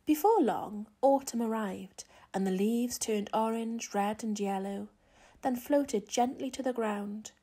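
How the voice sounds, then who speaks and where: A woman reads a children's picture book aloud at a slow, gentle pace, expressive throughout. Her voice sits slightly high, with a mellow tone and a breathy edge. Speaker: children's storyteller.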